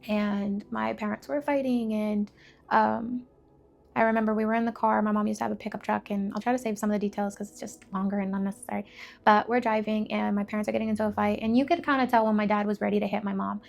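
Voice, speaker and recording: Young woman with a gravelly edge. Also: mid-range voice, flat delivery, fast talker, a little mellow. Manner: candid, emotional storytelling with many fillers. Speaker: faith vlogger. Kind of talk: personal testimony.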